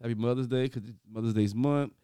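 Casting: relaxed male podcast co-host, mellow and smooth, casual chat. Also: mid-range voice, fast talker, dry recording. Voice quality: laid-back, short reactions.

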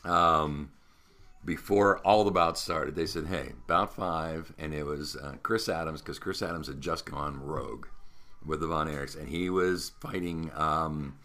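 A middle-aged man, a veteran radio host, telling animated anecdotes in casual conversation and acting out other people's lines. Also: extremely low pitch, measured pace. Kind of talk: casual storytelling.

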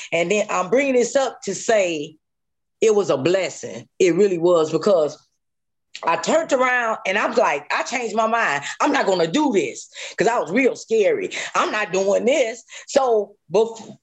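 Woman, interview guest, emotional personal testimony, acts out quotes. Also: medium pitch. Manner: animated storyteller, acts out quotes, repeats phrases.

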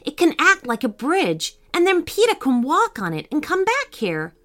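A woman's voice: high voice, huge pitch swings, moderate pace, a bit bright, voice pushed up, full character voice. A woman voicing Joe, an eager little dinosaur. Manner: eager, suggesting. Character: small young male dinosaur, eager and helpful.

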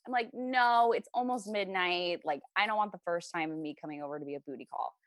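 A woman's voice: on the low side, fast, a bit bright, no room sound, clean studio sound. A young woman in her twenties, a podcast guest, telling a story in casual chat, laughing often and acting out the lines she quotes.

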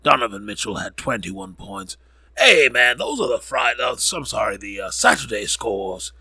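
A man's voice: mid-range voice, expressive, moderate pace, gravelly, bright, forceful tone, breathy edge, no echo. A man hosting a podcast, rambling through sports scores with jokes and frequent self-corrections. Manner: rambling, joking, corrects himself often. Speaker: podcast host. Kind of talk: casual sports score recap.

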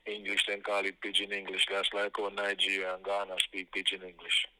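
A man's voice: low-pitched, monotone, brisk, bright, forceful tone, no echo, poor audio. A man with a Jamaican accent, a podcast host in casual chat, bluntly correcting what was just said. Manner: blunt, corrects others firmly.

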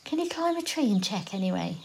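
A woman acting a blunt, teasing survivor of a zombie apocalypse in an audio drama, quick with sweary put-downs. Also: medium pitch, big pitch swings, creaky, slight background noise.

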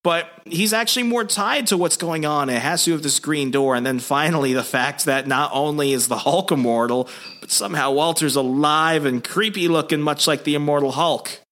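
A man hosting a podcast who recaps a comic book in casual, animated storytelling with many fillers. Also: on the high side, moderate pace. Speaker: podcast host.

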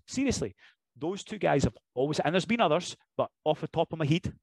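A man's voice: mid-range voice, no room sound, poor audio. A man with a Scottish accent, a wrestler chatting as a podcast guest, telling jokey stories with lots of energy. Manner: animated, jokey storyteller who slips into impressions and laughs. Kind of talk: casual podcast interview chat.

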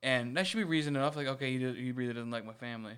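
Animated swearing man, smooth voice. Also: medium pitch, very fast. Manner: animated storytelling, swears often, acts out quotes. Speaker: podcast co-host. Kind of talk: casual chat.

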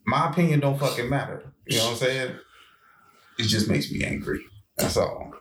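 A man co-hosting a casual chat, animated and quick to swear and laugh. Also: mid-range voice. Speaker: podcast co-host. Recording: echoey room, faint noise.

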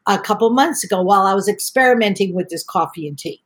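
A woman's voice: mid-range voice, expressive, quick pace. An older woman, a tea entrepreneur, chatting as a podcast guest and telling long rambling stories. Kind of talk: podcast conversation.

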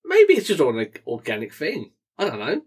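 His voice is a little high and slightly rough, moving at a moderate pace. As co-host of a casual podcast chat, this young man keeps joking and laughing often, with a lively delivery.

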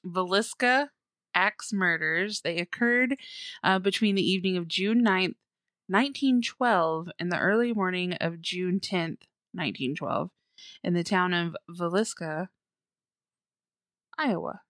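A woman co-hosting a casual podcast, with a slightly low voice and a dry, close sound. She chats and giggles, then narrates a true-crime story with plenty of fillers and small stumbles. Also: unhurried, fairly bright tone, no room sound. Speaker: podcast co-host.

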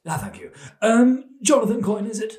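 Here is a man putting on a puffed-up, self-important boss in a comic role-play. He talks slowly and grandly, and his pitch swings widely. The room sounds echoey around him. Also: wildly swooping pitch, darkish tone. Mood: pompous. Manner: pompous, slow and self-important. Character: pompous male boss, self-important middle manager.

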